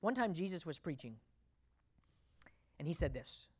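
A preacher addressing a congregation in a sermon, voice sitting in a middle pitch. The delivery is emphatic, full of rhetorical questions, dropping to near-hushed lines and rising again. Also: big pitch swings, a little slow, long pauses. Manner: emphatic, rhetorical questions, swings between loud and quiet. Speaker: pastor.

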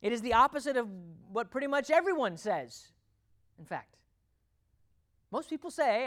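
A pastor preaching a sermon to a congregation, emphatic, asking rhetorical questions and swinging between loud and quiet delivery. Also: medium pitch, very animated, normal speed, long pauses.

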